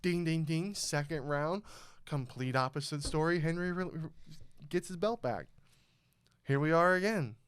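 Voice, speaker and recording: A man's voice: fairly high pitch, unhurried, clear, resonant tone, dry recording. A man co-hosting a casual podcast, talking animatedly, swearing often and acting out scenes as he tells them. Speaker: podcast co-host, former fighter.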